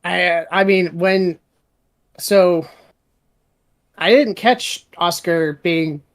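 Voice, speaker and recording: Audio drama creator, casual talk, mid pitch, rambling with restarts. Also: drawn-out words. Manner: rambling, restarts sentences often. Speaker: audio drama writer and director. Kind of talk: casual chat.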